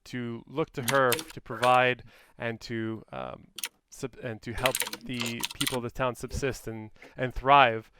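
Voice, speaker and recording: A man's voice: mid-range voice, a little slow, hardly any pauses, very noisy. A man speaking in character as a player in a tabletop game, hesitant and full of fillers. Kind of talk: in-character role-play.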